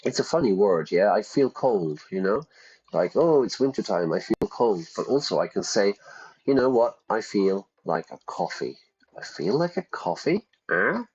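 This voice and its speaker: A man's voice: lowish voice, very animated, normal speed, darkish tone, husky. A man teaching English vocabulary in a casual, chatty way, explaining words with everyday examples. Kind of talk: casual vocabulary lesson over gameplay. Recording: dull lo-fi sound.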